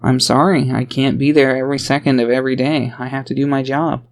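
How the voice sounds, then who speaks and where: A tired, earnest young father, defensive one moment and softly coaxing the next, as a man reads him close to his own voice. His voice sits at an ordinary middle pitch. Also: flat delivery, fairly quick, lightly acted. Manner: defensive, then gentle and coaxing. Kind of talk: audiobook character voice.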